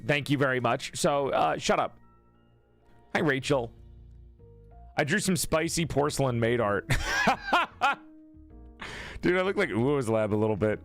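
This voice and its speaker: A man's voice: medium pitch, animated, normal speed, pauses often, faint music behind. A man streaming, chatting casually with his viewers, joking and teasing as he reads their messages aloud and answers.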